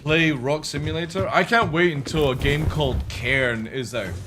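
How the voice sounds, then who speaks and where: A man's voice: on the high side, moderate pace, music in the background. A man chatting casually to his chat while streaming a game, rambling and swearing freely.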